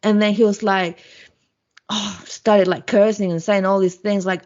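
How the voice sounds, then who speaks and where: Woman podcast guest, blunt and profane storyteller, mid pitch, muffled lo-fi audio. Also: a little slow. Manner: blunt, profane, animated retelling. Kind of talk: casual storytelling.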